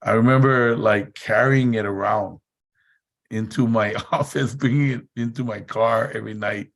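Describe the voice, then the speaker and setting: A man's voice: on the low side, steady tone, normal speed, creaky. A man giving a motivational seminar talk, telling chatty anecdotes and laughing often. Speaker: seminar speaker.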